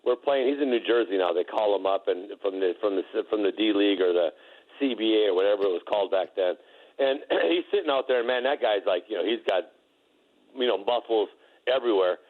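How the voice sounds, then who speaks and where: A man's voice: on the low side, animated, a little fast. A man, a former basketball player, telling rambling, laughing anecdotes with many restarts. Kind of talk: casual storytelling. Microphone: phone. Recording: tinny phone line.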